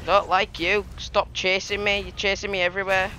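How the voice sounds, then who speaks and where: High, bright, trash-talking gamer guy. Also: normal speed, slight background noise. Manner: excitable, trash-talking, laughs often. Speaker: gaming YouTuber. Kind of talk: live gameplay commentary.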